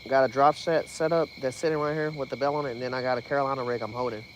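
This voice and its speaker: A man chatting excitedly to a live-stream chat while fishing, swearing freely and out of breath. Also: mid-range voice, very fast, a little hiss or hum. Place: outdoors on a dock at night.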